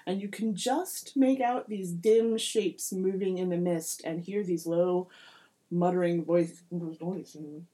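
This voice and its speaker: A woman's voice: fairly low pitch, steady tone, unhurried, mellow. A woman narrating a comedic tabletop game as game master, playful and rambling, often correcting herself mid-sentence.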